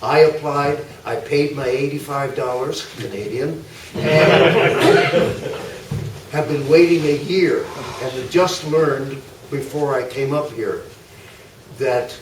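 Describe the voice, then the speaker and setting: Older man giving a chatty history talk. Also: on the high side. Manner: chatty, anecdotal, many uh fillers and asides. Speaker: guest speaker. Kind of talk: informal history talk to a club audience. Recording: echoey hall, mic far off, faint noise.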